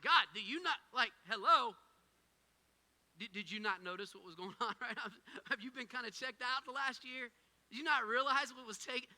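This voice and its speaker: Energetic male pastor delivering a sermon, very high, bright voice, reverberant space. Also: moderate pace. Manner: energetic, swings from loud urging to hushed asides.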